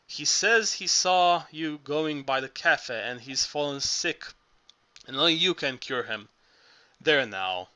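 A man's voice: on the high side, expressive, takes it slowly, pushed and bright, heavily acted. Zorba, a man reading an earthy older Greek. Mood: coaxing. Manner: urgent, coaxing, persuasive talk with frequent stumbles and restarts. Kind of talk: audiobook reading.

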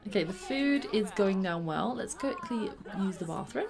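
A woman hosting let's play commentary, bubbly and excitable, sometimes dropping into soft whispers. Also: medium pitch, normal speed, creaky, a crowd in the background. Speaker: gaming channel host.

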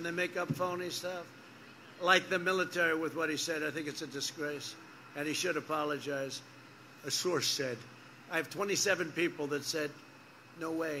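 A man's voice: fairly high pitch, bright, forceful tone, a little hiss or hum. An older man, a politician speaking at an outdoor airport campaign rally, in a rambling, repetitive, off-the-cuff style full of mocking asides and boasts. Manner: mocking and boastful, acting out quoted exchanges.

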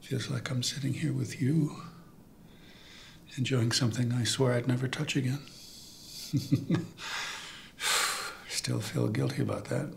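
An older actor playing a dying father who reminisces to his son, gentle and rueful, often chuckling softly as he tells stories. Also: medium pitch, fairly even intonation, a little slow, gravelly, long pauses, slight background noise. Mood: wistful. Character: regretful dying father, wry storyteller. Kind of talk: film drama dialogue.

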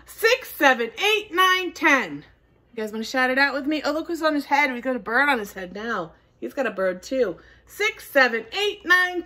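A very high, bright-voiced young woman leads a toddler storytime, reading a picture book out loud. She talks slowly and stretches her words, gasping and calling out for the little ones to shout along. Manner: animated, gasping, drawn-out sing-song calls for children to join in. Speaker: children's storytime reader.

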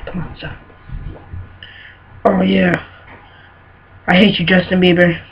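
A man giving excitable let's play commentary, scolding himself and shouting exclamations as he plays. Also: sits high, slow pace, creaky. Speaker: gamer. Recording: dull lo-fi recording with faint noise.

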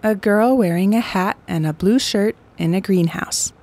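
A woman narrating simple picture descriptions for an English lesson, saying words clearly and repeating them. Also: mid-range voice, normal speed, darkish tone. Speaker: English teacher.

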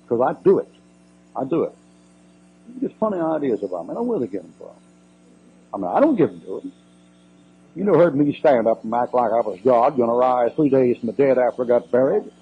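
A man's voice: medium pitch, husky. An older man, a preacher answering questions in a church Q&A, folksy, blunt and emphatic with joking asides, on a muffled old cassette recording.

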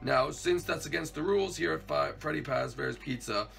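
A man voicing a rambling male voice on a recorded orientation tape in a hobby plush video, quick and offhand. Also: fairly high pitch, creaky, fairly bright tone, soft background music.

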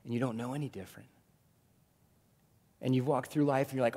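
A male pastor preaching a sermon to his congregation in a lively, joking manner. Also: medium pitch, fairly quick. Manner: animated preaching, jokes with the congregation. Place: church sanctuary. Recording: long hall reverb.

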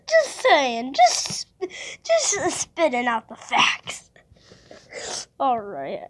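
A woman's voice: sits high, huge pitch swings, extremely slow, fairly bright tone. A young woman reacting to a cartoon in casual, giggly, chatty commentary. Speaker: reaction video host.

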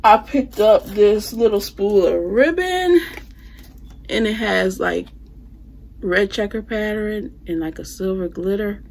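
Woman doing a casual decor haul, keeps saying you guys, bit of vocal fry. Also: on the high side. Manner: chatty, addresses viewers as "you guys"; Southern US phrasing like "y'all" and "I'ma". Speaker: home decor vlogger.

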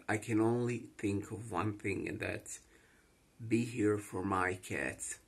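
A man's voice: fairly low pitch, slow, gravelly, husky. A man with a Croatian accent, distressed, rambling and repeating himself in an emotional confessional vlog monologue. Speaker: vlogger.

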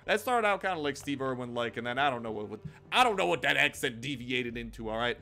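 A man's voice: mid-range voice, animated, fast talker, creaky, bright, forceful tone. A young man casually commenting on his own gameplay, goofy and chatty, joking and talking to the enemies as he plays. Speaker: gaming YouTuber.

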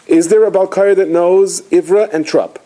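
A man's voice: sits high, moderate pace, poor audio. A man, a rabbi, giving an inspirational holiday talk, telling stories animatedly and acting out the quotes. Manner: animated storytelling with acted quotes.

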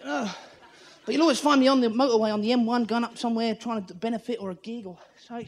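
A man's voice: extremely high pitch, fairly even intonation, fast. A man doing stand-up in a theatre, manic and profane, acting out little scenes as he goes. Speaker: stand-up comedian. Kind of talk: stand-up comedy routine. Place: theatre stage.

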